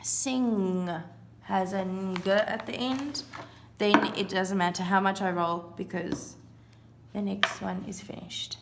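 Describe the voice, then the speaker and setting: Woman, primary teacher, very slow and deliberate, phonics lesson for young learners. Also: medium pitch, steady tone, background noise. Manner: slow, clear, sounding out letters and counting aloud.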